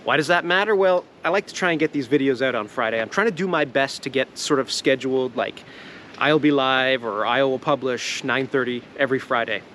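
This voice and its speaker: A man's voice: mid-range voice, fairly quick, fairly bright tone, slight background noise. A Canadian man chatting casually in an outdoor vlog, rambling and joking, laughing often and swearing casually. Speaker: vlogger. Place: outdoors in the woods at a sap boil.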